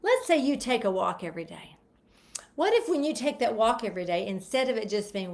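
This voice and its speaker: A woman's voice: fairly high pitch, big pitch swings, brisk. A woman giving a motivational self-help talk, emphatic and repetitive, leading listeners through spoken affirmations. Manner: emphatic, repeats phrases and leads spoken affirmations. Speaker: motivational speaker.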